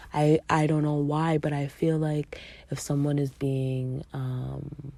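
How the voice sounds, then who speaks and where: A young woman with a fairly low voice tells a story on her podcast in a casual, emphatic way. She swears freely and acts out what people said. The sound is dry, with no room echo. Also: vocal fry, a little mellow. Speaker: podcast host.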